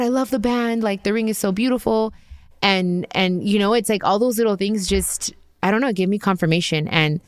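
A woman in her thirties hosts a podcast, telling a personal story chattily with lots of fillers, restarts and animated quoted dialogue. Her voice is on the low side and clean, with no echo and studio quality.

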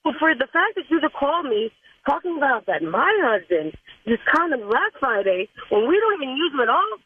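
A woman's voice: high voice, sing-song, a little fast, no echo. A woman on a phone call, upset and accusing. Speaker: wife on the call. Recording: tinny phone line.

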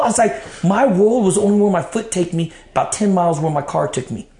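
A man's voice: sits high, lively intonation, quick pace, few pauses, mellow. Profane man telling his story, roomy sound. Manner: blunt and profane, acts out what he told himself. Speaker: interview guest. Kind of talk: personal storytelling, casual talk. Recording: roomy echo.

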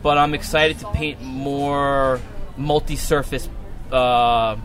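A man with a Long Island accent, a muralist talking casually in an interview, relaxed and rambling with many fillers and restarts. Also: medium pitch, slow pace, faint music behind. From Long Island, New York. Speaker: muralist guest. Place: outdoors at a wall being painted.

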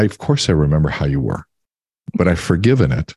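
A man's voice: extremely low pitch, big pitch swings, brisk, darkish tone, slightly rough, dry recording, clean studio sound. A man speaking as a podcast guest in a conversational interview, with emphatic, reflective storytelling.

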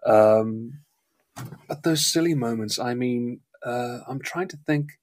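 A South African man with a schooled English accent guests on a live show, telling long, rambling, wordy stories in casual chat. He speaks slowly in a mid-range, slightly mellow voice.

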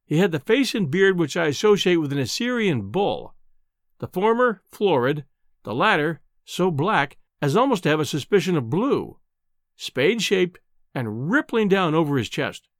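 A man narrating an audiobook in an expressive, descriptive storytelling manner. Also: fairly high pitch, moderate pace, no echo, clean studio sound. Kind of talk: scripted narration.

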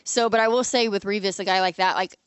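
A woman's voice: mid-range voice, steady tone, fast, clear, resonant tone, dry recording. A woman co-hosting a casual sports panel chat, chatty and upbeat, laughing often. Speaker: sports podcast co-host.

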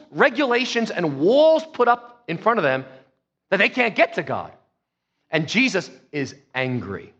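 A man preaching a sermon as pastor, telling the story emphatically and swinging between soft and loud. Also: sits high, breathy edge, in a large hall. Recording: dull lo-fi sound.

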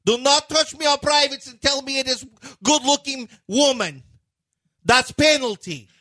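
A man impersonating an excitable Eastern European basketball coach, with a put-on Russian-style accent and broken English. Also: very high voice, a little slow, pitched above the performer's own voice, heavily acted. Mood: ranting. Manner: broken English, loud and ranting.

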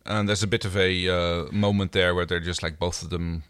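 Low-voiced man in casual chat. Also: fairly even intonation, normal speed, a bit bright, smooth, no room sound, studio quality. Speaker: podcast co-host. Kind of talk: casual chat reviewing a TV episode.

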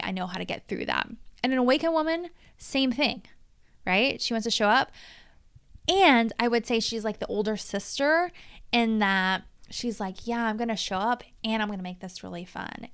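Swearing, animated woman podcast host. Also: medium pitch, clear, resonant tone, no echo, studio quality. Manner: casual, animated, swears freely. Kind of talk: solo podcast monologue.

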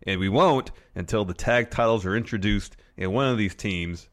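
A man's voice: on the low side, moderate pace. A man co-hosting a casual podcast, recapping in a dry, matter-of-fact way, recorded in a room at home. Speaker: podcast co-host. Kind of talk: casual chat.

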